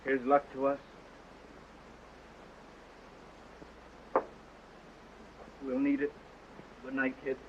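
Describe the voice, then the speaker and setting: A man's voice: medium pitch, monotone, moderate pace, heavy background noise, lightly acted. An actor playing a brash, bitter young man in a 1929 talkie, sardonic in manner. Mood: cold. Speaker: film actor. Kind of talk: 1929 early talkie acting. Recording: muffled early sound film with score.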